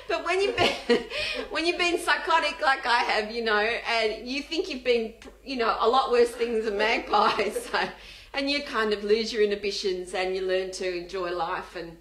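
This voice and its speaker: An Australian woman telling funny stories to an audience, animated and laughing, acting out the people in them. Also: fairly high pitch, moderate pace, echoey room. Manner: animated, laughing, acts out voices in her stories. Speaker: speaker. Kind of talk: humorous storytelling talk.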